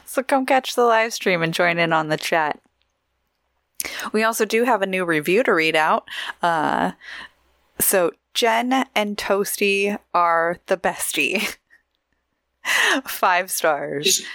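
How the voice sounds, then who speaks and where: Slow-talking giggly woman podcaster. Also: mid-range voice, expressive, fairly bright tone, dry recording, clean studio sound. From Oregon, US. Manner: giggly, chatty, laughs often. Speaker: podcast co-host. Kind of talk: casual podcast chat.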